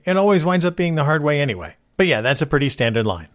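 A man's voice: fairly high pitch, expressive, quick pace, few pauses. A man hosting a casual solo podcast, talking in a wry, exasperated way. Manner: wry, exasperated complaining about movie cliches. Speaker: podcast host.

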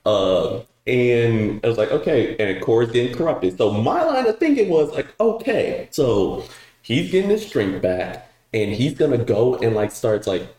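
A man's voice: medium pitch, big pitch swings, dark tone. Laid-back man musing in a roomy echo. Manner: halting, many uh fillers and restarts, laid-back. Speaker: podcast co-host. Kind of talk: casual podcast chat.

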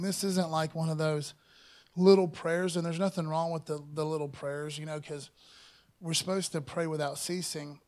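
A man preaching a casual sermon as pastor, dropping "man" and "you know" asides and lifting his voice when he reads scripture. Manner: reads scripture louder and higher.

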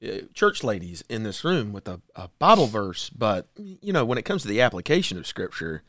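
A man's voice: on the low side, big pitch swings, normal speed, a bit bright, no room sound, clean studio sound. A male co-host making wry quips in a casual commentary chat, with hesitant restarts. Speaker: talk show co-host.

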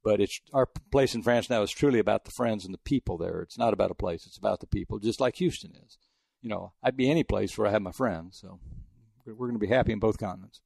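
A man's voice: fairly low pitch, fast talker, vocal fry, darkish tone, husky, no echo, studio quality. An older man from El Paso, a veteran sportswriter, telling rambling stories in a chatty way with frequent restarts. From El Paso, Texas. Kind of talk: casual storytelling interview.

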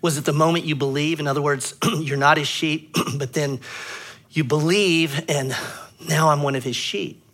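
A pastor preaching a sermon with a bright, forceful tone and a voice pitched a little high for a man. He teaches earnestly and leans hard on the words he wants to land. He clears his throat often between thoughts. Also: steady tone, moderate pace.

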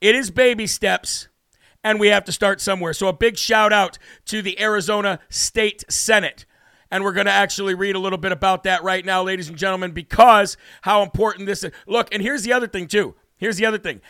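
A man's voice: high voice, fairly even intonation, fairly quick, pushed and bright, smooth, no echo, studio quality. A man hosting a talk radio show, emphatic and repetitive, preaching in a worked-up monologue. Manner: emphatic, repeats phrases, preacher-like cadence. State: emotionally worked up.

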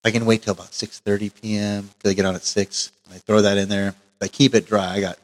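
A man's voice: lowish voice, flat delivery, quick pace. A man co-hosting a casual podcast, telling long, rambling, profane stories. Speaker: podcast co-host. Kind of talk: casual chat. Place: Oregon. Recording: long reverb.

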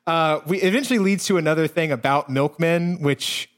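A man's voice: a little high, moderate pace. A man co-hosting a podcast, recapping a film in a casual, rambling, profane way, full of fillers and restarts. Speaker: podcast co-host. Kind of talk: casual movie-recap chat.

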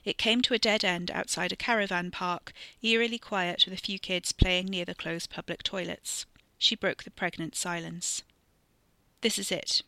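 A podcast storyteller reading a horror story in a steady, measured way, sometimes dropping into a whisper. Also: medium pitch, vocal fry, clear, resonant tone, no echo. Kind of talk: scripted narration of a horror story.

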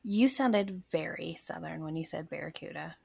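A woman from North Carolina co-hosts a casual podcast, her voice somewhat low and gravelly. She drops in quick, teasing jokes, and the recording sounds dry and close. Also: a little mellow, no room sound. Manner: teasing, quick joking interjections. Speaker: podcast co-host. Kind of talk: casual chat.

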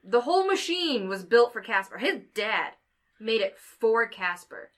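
A woman's voice: fairly high pitch, very animated, a little slow, a bit bright. A woman co-hosting a podcast, casually retelling a film's plot and laughing often. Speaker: podcast co-host. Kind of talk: casual movie discussion.

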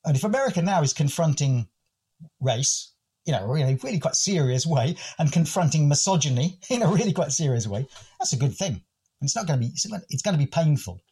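Wry, thoughtful English gentleman. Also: fairly high pitch, big pitch swings, brisk, husky. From United Kingdom. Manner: thoughtful, wry, self-deprecating with frequent restarts and chuckles. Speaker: guest, educator and comedic speaker. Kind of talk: reflective conversational storytelling.

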